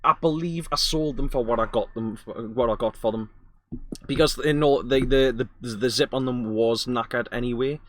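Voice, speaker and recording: A man's voice: medium pitch, moderate pace, no echo. A man with a Geordie accent hosting a podcast, making dry jokes and chuckling in casual chat. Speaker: podcast host.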